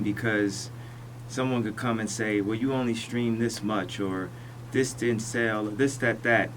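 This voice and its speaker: Slow, halting low-voiced man. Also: recorded from a distance, slight background noise, low-quality recording. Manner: slow, halting, restarts phrases. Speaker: guest. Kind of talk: radio interview.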